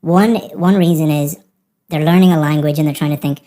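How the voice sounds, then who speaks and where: Woman examiner, low pitch, mellow tone, encouraging and explanatory in one-on-one feedback. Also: steady tone, fairly quick. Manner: encouraging, explains with spoken examples. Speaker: English speaking test examiner giving feedback.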